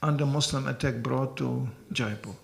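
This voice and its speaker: An older monk giving a temple lecture, telling stories in an animated, chuckling way. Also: male voice, medium pitch, moderate pace, vocal fry. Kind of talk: sermon with storytelling.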